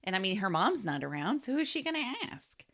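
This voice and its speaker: A woman's voice: medium pitch, big pitch swings, fairly bright tone. A woman co-hosting a podcast, reacting to the story and joking in a casual chat. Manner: chatty, quick reactions and jokes. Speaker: podcast co-host.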